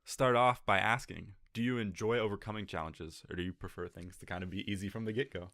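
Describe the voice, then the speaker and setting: A man's voice: lowish voice, fast talker, fairly bright tone. A man hosting a casual podcast chat, laughing often between his lines. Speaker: podcast host.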